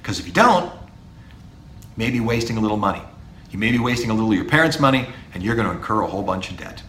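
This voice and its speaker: Middle-aged male professor hosting an advice podcast, blunt and expressive, recorded in a roomy, echoey space. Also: fairly low pitch, fast, slight background noise. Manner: animated, blunt, talks straight to students with rhetorical questions. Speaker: university professor and podcast host. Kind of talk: direct-address advice podcast. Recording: echoey room.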